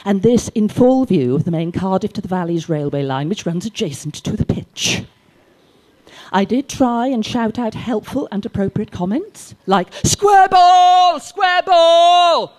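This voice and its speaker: Older lady doing stand-up, dry storytelling, mellow voice, sudden loud shouts. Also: mid-range voice, animated, normal speed. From Wales. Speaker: stand-up comic. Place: library comedy gig.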